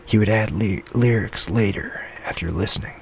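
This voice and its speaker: A man reading his own novel aloud in a soft-spoken ASMR style, slipping into whispers now and then. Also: moderate pace, vocal fry. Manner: soft, low-key reading that slips into whispers. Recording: lo-fi with faint background noise.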